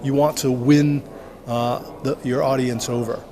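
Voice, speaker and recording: A man's voice: medium pitch, little pitch movement, unhurried, crowd noise. A man speaking outdoors in the city, earnestly explaining why connecting with an audience matters. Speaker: contest judge. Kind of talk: interview answer.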